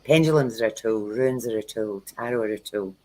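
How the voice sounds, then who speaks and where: A woman hosting a tarot livestream, a tarot reader and workshop host, speaks casually and frankly, telling anecdotes and acting out what people said. Her very deep, dark voice moves a little fast. The audio is poor, with a bit of hiss or hum.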